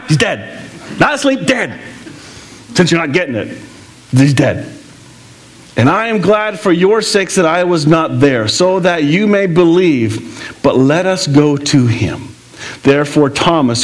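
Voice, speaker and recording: Pastor guy preaching casual and animated, voice jumping all over. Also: on the high side. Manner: animated, conversational preaching with asides and laughs. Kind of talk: sermon.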